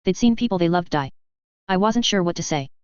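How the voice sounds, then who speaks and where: A woman narrating a first-person audiobook in a steady, measured reading. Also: lowish voice, clear, resonant tone, no room sound. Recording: slightly dull recording.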